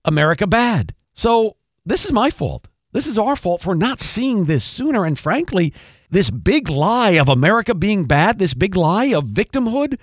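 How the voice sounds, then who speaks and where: Older male talk host, high and lively, repeats lines for emphasis, dry close studio mic. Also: moderate pace, no echo. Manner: emphatic, repeats phrases for punch. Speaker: radio and podcast host. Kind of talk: opinionated monologue.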